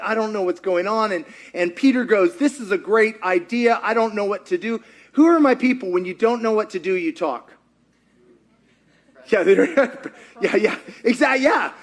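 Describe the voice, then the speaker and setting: A middle-aged man preaching with a high, bright voice. He tells the story with energy, acts out each character's lines and keeps asking the congregation questions. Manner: animated storyteller, acts out quotes, asks the audience. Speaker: pastor. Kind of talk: sermon.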